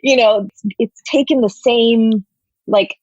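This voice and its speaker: A woman's voice: fairly high pitch, slow pace, dry recording, lo-fi sound. Chatty woman guest, lots of "like". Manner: animated, heavy "like" and "you know" fillers. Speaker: podcast guest, people and culture officer. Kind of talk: casual interview talk.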